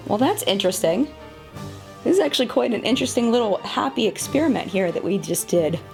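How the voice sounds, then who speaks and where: A woman's voice: on the high side, animated, brisk, creaky, faint music behind. A woman in her thirties reviewing makeup in a casual, chatty way, often laughing at herself, talking to the camera at home. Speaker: beauty vlogger.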